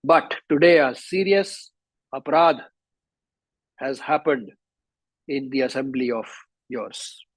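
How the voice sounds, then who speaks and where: A man's voice: mid-range voice, slow pace, long pauses, no echo. A man voicing a proud, offended sage making a grave complaint. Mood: aggrieved.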